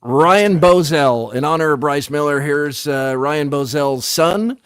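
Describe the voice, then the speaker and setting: A man's voice: fairly high pitch, a little slow, fairly bright tone, clean tone, no room sound, studio quality. A man co-hosting a casual sports talk show, joking around and reading sponsor plugs. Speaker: co-host.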